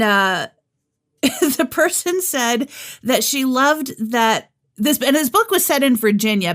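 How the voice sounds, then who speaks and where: A woman's voice: a little high, a bit bright. A woman co-hosting a podcast, a radio host and audiobook narrator, chatting and telling stories in a casual way. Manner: chatty, storytelling. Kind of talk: casual chat.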